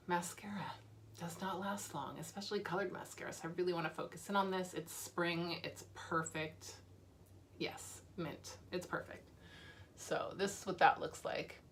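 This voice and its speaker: A woman's voice: on the low side, slight background noise. A woman beauty vlogger talking casually and candidly about makeup she is using up, with fillers and small laughs. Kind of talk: casual chat.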